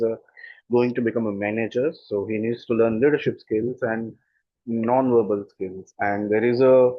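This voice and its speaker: A man's voice: mid-range voice, no echo, lo-fi sound. Earnest man with an Indian accent. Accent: standard Indian English. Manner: earnest, emphatic, repeats phrases for stress. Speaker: communication skills coach. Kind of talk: explanatory talk.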